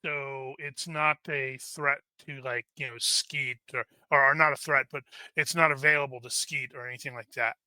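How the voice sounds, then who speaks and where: A man's voice: mid-range voice, fairly even intonation, normal speed, few pauses, bright, forceful tone, clean tone, no room sound. A man playing in a tabletop role-playing game, joking and playful as he talks through his moves. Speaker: player. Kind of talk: casual tabletop play.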